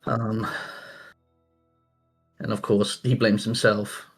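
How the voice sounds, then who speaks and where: A man's voice: lowish voice, level tone, takes it slowly, soft background music. A man playing a tabletop game who describes his character's actions hesitantly, with many fillers. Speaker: player.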